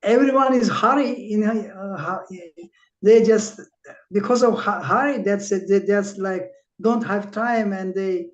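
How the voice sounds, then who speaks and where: A man's voice: high voice, unhurried, lo-fi sound. A man whose first language is Russian, chatting on a call and asking questions with many fillers. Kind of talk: casual chat. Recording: echoey, from far off the mic.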